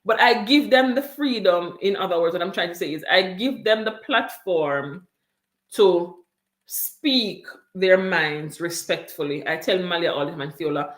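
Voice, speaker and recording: A woman's voice: lowish voice, unhurried, roomy sound. A mother talking in a casual chat about raising her kids, earnest and emphatic, repeating her key points. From came to Canada from abroad. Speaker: parent sharing experiences on a livestream.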